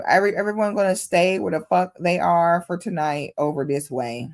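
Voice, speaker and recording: Woman, low voice, animated casual livestream chat, swears, talks to chat. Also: a little fast. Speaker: livestream host.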